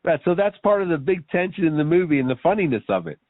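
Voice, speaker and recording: A man's voice: a little high, very animated, fast, dry recording. Questioning man, thin phone-like sound. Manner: probing, asks leading questions, summarizes. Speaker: co-host asking questions. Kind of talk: casual chat. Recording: tinny phone-like dry sound.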